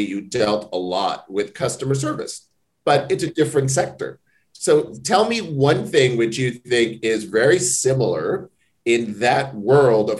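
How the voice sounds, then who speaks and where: A man hosting a podcast interview, friendly and joking, with quick asides. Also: medium pitch. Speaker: podcast host.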